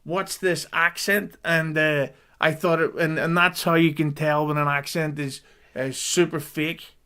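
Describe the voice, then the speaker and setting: Wry man with a smooth voice. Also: fairly high pitch, steady tone, unhurried, pushed and bright. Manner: wry, dry critical commentary. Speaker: podcast co-host. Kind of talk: casual chat.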